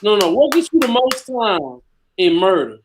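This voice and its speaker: A man's voice: sits high, big pitch swings, moderate pace, over a noisy crowd. A man co-hosting a casual podcast debate, arguing his point insistently and jokingly. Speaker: podcast co-host.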